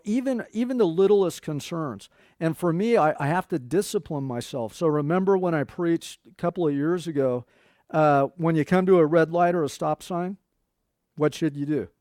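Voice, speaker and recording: A man's voice: a little high, lively intonation, moderate pace, darkish tone, no room sound, clean studio sound. A middle-aged man preaching a sermon in a conversational way, quoting scripture and talking to his congregation. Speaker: pastor.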